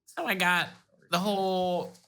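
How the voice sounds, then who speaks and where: A man's voice: sits high, fairly even intonation, a little slow, sharp tone, clear, resonant tone. A man playing in a tabletop game who talks casually and hesitates while he looks things up. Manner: hesitant, searching. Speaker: player.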